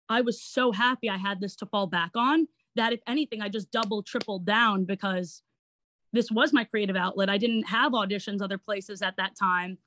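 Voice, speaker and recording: A woman's voice: mid-range voice, no room sound. A woman in her twenties with a Long Island accent, chatting as an interview guest and laughing as she tells her story. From Long Island, New York. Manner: chatty and giggly, animated retelling. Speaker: guest, actor and online entertainer. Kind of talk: casual interview chat.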